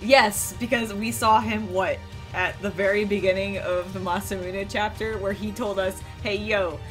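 A woman's voice: mid-range voice, steady tone, normal speed, faint music behind, rough recording. A woman co-hosting a let's play, reading the game's narration and bantering with her brother with frequent giggles. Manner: giggly, eager, reads story text aloud.

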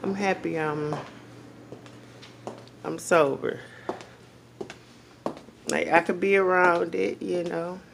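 A man's voice: high voice, lively intonation, slow pace, gravelly, pauses often, fairly bright tone. A man vlogging in a car, talking bluntly and cursing freely. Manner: blunt, profane, laughs often. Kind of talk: casual vlog chat. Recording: noisy car recording.

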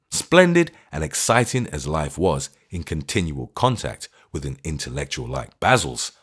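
A man with a low voice narrates an audiobook with lively, animated intonation. His delivery is measured and storytelling. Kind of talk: scripted narration.

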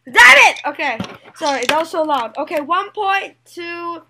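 Sex: woman. Style: casual game commentary. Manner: excitable, competitive, swearing outbursts. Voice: high and bright, slow-paced. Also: slight background noise. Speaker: co-host of a gaming video.

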